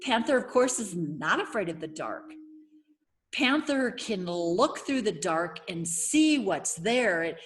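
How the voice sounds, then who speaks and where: A woman's voice: mid-range voice, very animated, slow. A woman giving a casual spiritual oracle card reading as a coach, searching for words with many fillers and restarts. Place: home setting.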